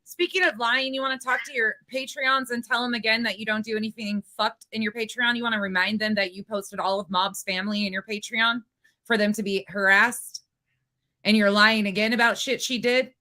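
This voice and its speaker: Play a bright, scathing woman streamer, swearing freely. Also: on the high side, fairly even intonation, brisk. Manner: profane, scathing, talks back at the clip. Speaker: streamer commenting on a clip. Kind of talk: angry reaction commentary.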